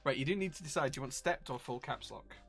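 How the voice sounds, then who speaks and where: Joking man reading stream chat, gravelly. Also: medium pitch, quick pace, a bit bright. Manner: joking, reads out chat comments. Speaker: streamer and keyboard shop owner. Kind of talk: casual chat on a livestream.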